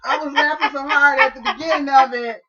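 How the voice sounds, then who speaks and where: A woman co-hosting a casual radio chat, teasing and bantering quickly. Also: high-pitched, steady tone. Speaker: co-host. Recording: distant, noisy lo-fi recording with crowd.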